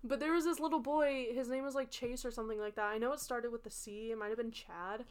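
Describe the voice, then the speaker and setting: A woman's voice: a little high, fairly even intonation, fast talker, a crowd in the background. A young woman co-hosting a podcast, casually telling rambling childhood stories with frequent laughter. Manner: rambling anecdotes, laughs often. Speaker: podcast co-host. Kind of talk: casual chat.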